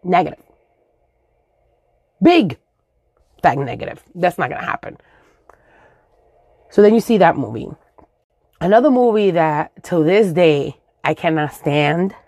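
A woman's voice: fairly low pitch, expressive, unhurried, pauses often, dark tone, no room sound, studio quality. A woman in her forties from the Dominican Republic, telling a comic story with swearing, sound effects and Spanish words mixed in.

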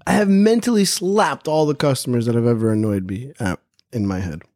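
A man's voice: medium pitch, fairly quick, darkish tone. A man hosting a podcast, telling a casual, profane story and repeating phrases for emphasis. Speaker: podcast host.

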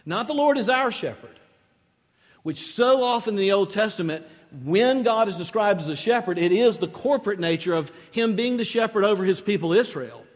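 A man's voice: high voice, expressive, normal speed. A man preaching a sermon as pastor, conversational and rising into emphatic lists. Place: church sanctuary. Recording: long reverb of a large hall.

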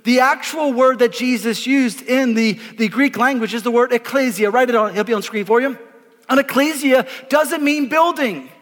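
A man, a pastor preaching an energetic sermon, emphatic and repeating words as he calls on the congregation to answer. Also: very high-pitched, normal speed. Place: church auditorium before a congregation. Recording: live in a reverberant hall.

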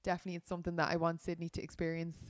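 A woman's voice: lowish voice, completely flat delivery, very fast, no echo, clean studio sound. A woman in her thirties with an Irish accent, co-hosting a casual podcast and telling stories with acted-out quotes. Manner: chatty storyteller, acts out quoted voices. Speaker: podcast co-host. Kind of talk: casual chat.

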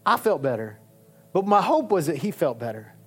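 A male pastor preaching a sermon in a conversational, animated way, with emphatic peaks. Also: a little high, normal speed, slightly rough.

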